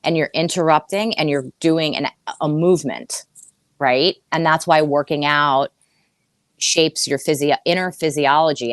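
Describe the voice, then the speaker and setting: A woman's voice: low voice, dry recording. A woman therapist, a guest on a podcast, explaining ideas earnestly with frequent restarts and rhetorical questions. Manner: steady teaching flow with rhetorical questions.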